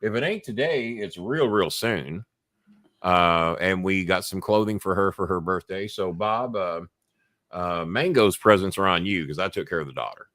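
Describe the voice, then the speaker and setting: A man's voice: low-pitched, normal speed, a bit bright, dry recording, studio quality. A man hosting a casual livestream show, telling rambling, profane stories. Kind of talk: casual chat and storytelling.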